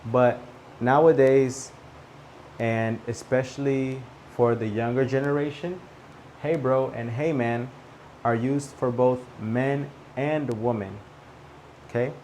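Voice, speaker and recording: A man teaching a spoken English lesson, repeating example phrases clearly and checking in with "okay?". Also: mid-range voice, fairly even intonation, slow, darkish tone, a little hiss or hum.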